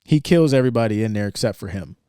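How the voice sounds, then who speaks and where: A man's voice: on the low side, quick pace, clear, resonant tone, no echo, clean studio sound. A young man co-hosting a podcast, rambling through a film scene in a casual chat and acting out the characters' lines. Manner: rambling, animated retelling with quoted lines. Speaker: podcast co-host.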